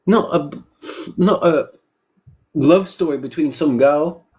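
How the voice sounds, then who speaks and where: A man's voice: fairly high pitch, slow, a little mellow, breathy edge. A man in casual podcast chat, opinionated and emphatic, with frequent "you know" asides. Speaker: podcast co-host.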